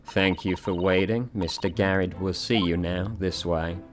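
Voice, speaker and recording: A man voicing a prim young English housemaid, speaking politely in a raised falsetto. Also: fairly even intonation, measured pace, noisy background. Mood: apologetic.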